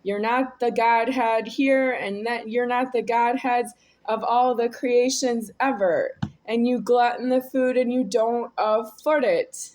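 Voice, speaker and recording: Woman video creator, unhurried and rambling, talking solo to camera in repeating loops. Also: on the high side, fairly even intonation. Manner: rambling, repetitive, swings between quiet and raised.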